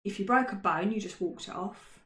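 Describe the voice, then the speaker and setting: A woman's voice: mid-range voice, moderate pace, fairly bright tone. A woman co-hosting a casual history chat, chatty and self-mocking, with frequent ums. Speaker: podcast co-host. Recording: roomy echo.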